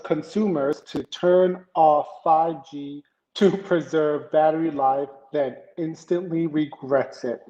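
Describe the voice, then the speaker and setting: A man's voice: fairly high pitch, dark tone. A man hosting a live tech show, casually chatting with viewers and reading news stories in a rambling way. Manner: rambling, chatty, greets viewers in chat, many fillers. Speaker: livestream tech show host. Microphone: home setup, iPad camera and PC. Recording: echoey room, dull lo-fi sound.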